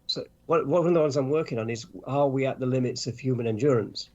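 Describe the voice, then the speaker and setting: An older British man, a podcast co-host and cycling author, chatting casually in a halting way with many restarts. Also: medium pitch, darkish tone, muffled recording. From Britain. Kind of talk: casual chat.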